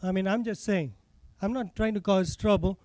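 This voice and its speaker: Man w/ foreign accent, high voice, mellow tone, fired up at a town hall mic, dry sound. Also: normal speed. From not from this state. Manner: earnest, preaching, repeats phrases. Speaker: public commenter. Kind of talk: impassioned public comment. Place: town hall meeting room.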